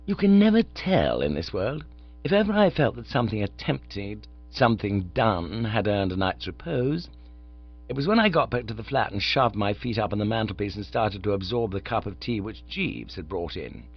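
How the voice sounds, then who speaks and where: A man narrating an audiobook in the first person with relaxed, lightly comic storytelling. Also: fairly low pitch, moderate pace, highs cut off.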